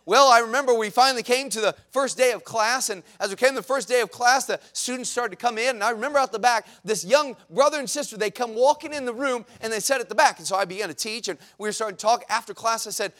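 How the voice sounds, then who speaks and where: A man, a pastor and missionary, preaching a sermon in an animated, conversational storytelling way. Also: very high-pitched, fast, few pauses. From United States. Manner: animated, conversational, acts out quotes.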